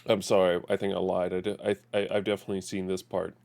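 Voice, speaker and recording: A man doing live gameplay commentary as a streamer. He talks in a chatty, animated way and often corrects himself. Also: low voice, fast talker, vocal fry.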